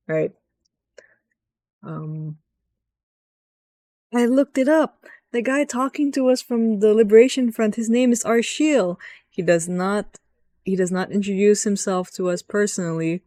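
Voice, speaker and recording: A woman's voice: medium pitch, a little slow, pauses often, dark tone, dry recording. A woman giving rambling, giggly gaming commentary as host, swearing freely.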